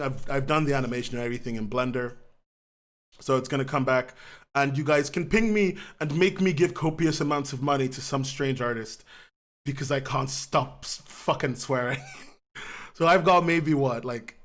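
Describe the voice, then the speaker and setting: Brief: male livestream host, mid pitch, loose rambling chat with viewers, casual swearing. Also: moderate pace, fairly bright tone. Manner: rambling, greets viewers by name, frequent laughs and restarts. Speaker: podcast host.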